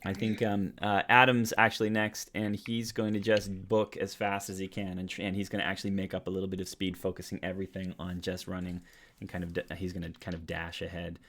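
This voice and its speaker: Very deep-voiced man running a tabletop game. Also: flat delivery, fairly quick, a bit bright. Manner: casual, many fillers and restarts. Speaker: dungeon master.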